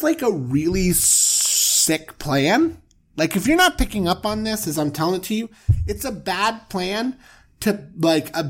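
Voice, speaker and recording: A man animatedly telling a joking, slangy comic retelling of scripture as a podcast co-host. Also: a little high.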